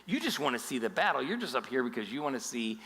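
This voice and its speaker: A sneering, condescending big brother, played by a man, a bright voice that talks down quickly. There is a long hall reverb around it. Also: mid-range voice, very animated. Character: scornful condescending older brother, young man.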